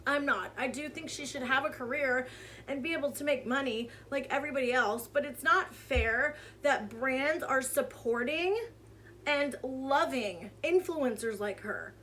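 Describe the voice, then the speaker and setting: A woman's voice: sits high, unhurried, fairly bright tone, slight background noise. A woman vlogger giving casual commentary on online drama in a heated, sarcastic rant.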